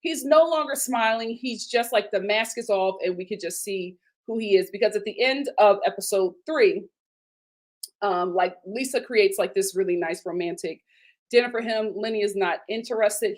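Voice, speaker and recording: A woman hosting a casual TV recap, animated and indignant, her voice jumping up high when she gets outraged. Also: moderate pace. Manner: casual, with fillers and slang. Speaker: host. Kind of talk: live TV recap commentary.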